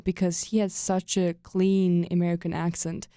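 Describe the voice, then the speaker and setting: A woman's voice: on the low side, normal speed, clean tone, no room sound, studio quality. A young woman from Germany with a German accent, hosting a casual podcast chat and telling stories with frequent laughs. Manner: animated storyteller, laughs often, trails off mid-sentence. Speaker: podcast host.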